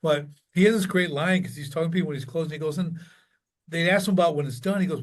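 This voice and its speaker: A man who coaches contractors, talking in a casual interview and telling stories with lively, acted-out quotes. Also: a little high, fast. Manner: animated storyteller, acts out quoted lines.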